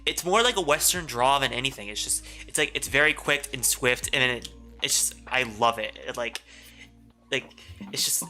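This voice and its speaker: Man with a very bright voice. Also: medium pitch, moderate pace, soft background music. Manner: earnest, repetitive. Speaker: podcast co-host. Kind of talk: casual fan discussion.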